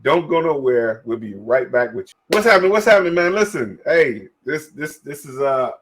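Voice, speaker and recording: Excitable forties male host, casual chat, quick laughs and repeated words. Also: medium pitch, slight background noise. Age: 40s. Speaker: podcast host.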